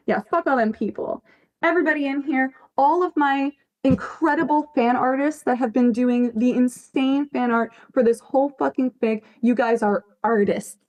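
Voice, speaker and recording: A woman's voice: high voice, normal speed, a little mellow, muffled recording. A woman chatting casually on a livestream, emphatic, swearing freely and laughing often as she answers her chat. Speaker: fanfiction writer on a livestream.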